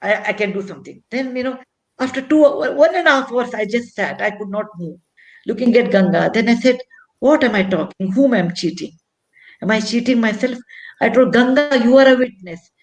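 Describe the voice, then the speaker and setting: A woman's voice: on the high side, brisk, echoey room. An older woman with an Indian English accent tells a personal story earnestly and reflectively at a public talk, often repeating phrases for emphasis. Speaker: guest speaker.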